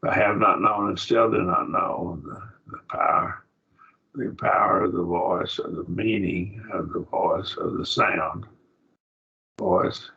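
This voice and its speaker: Bible class teacher, male, gravelly and breathy, lower voice, dull lo-fi sound, halting delivery. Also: steady tone, sharp tone. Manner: halting, thinks aloud with restarts. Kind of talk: Bible study lesson on Greek text. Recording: dull lo-fi recording.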